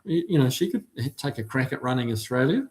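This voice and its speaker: A man's voice: medium pitch, expressive, fast. Laid-back New Zealand man hosting. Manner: laid-back, chuckling, with frequent ums. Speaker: livestream host reading chat. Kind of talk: casual chat.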